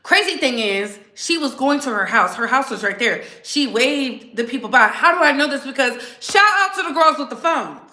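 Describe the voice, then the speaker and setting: A woman's voice: sits high, expressive, normal speed, few pauses, pushed and bright, echoey room. A woman hosting a political commentary vlog, blunt, profane and fiery as she rallies her viewers. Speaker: host.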